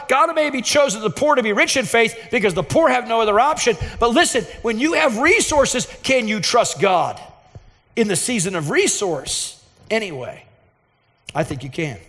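A man's voice: very high-pitched, animated, normal speed, fairly bright tone. A man preaching a sermon as pastor, earnest and emphatic, telling a personal story with fervent intensity. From Texas, USA. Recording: reverberant hall sound.

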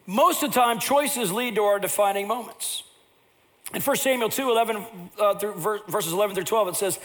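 Older man, pastor, preaching, acts out stories, high-pitched voice. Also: brisk. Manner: animated storyteller who acts out scenes. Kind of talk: sermon.

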